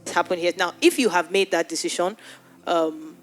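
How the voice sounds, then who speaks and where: With soft music underneath, a woman with a lowish voice leads an altar call and prayer at a moderate pace in a church hall full of people. As pastor, she speaks earnestly and pleadingly, repeating her words often.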